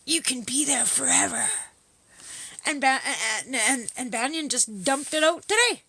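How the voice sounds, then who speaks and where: A woman's voice: high-pitched, animated, a little slow, creaky, pushed and bright, husky, no echo. A middle-aged woman from Canada hosting a livestream, talking in a casual, rambling and profane political rant. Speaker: livestream host. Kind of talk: casual ranting chat.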